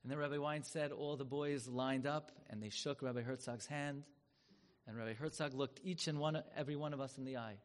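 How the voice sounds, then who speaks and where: A man giving a sermon as a story. He talks with drama and turns loud and high when he acts out the people in it. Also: steady tone, a little fast. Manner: dramatic, swells loud and high when acting out quoted rabbis. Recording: long hall reverb.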